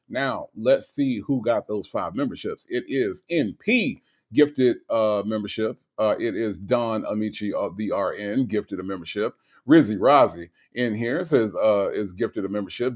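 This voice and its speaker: Animated, sarcastic male channel host. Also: mid-range voice. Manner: animated and sarcastic, with frequent fillers and asides. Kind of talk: casual commentary to viewers.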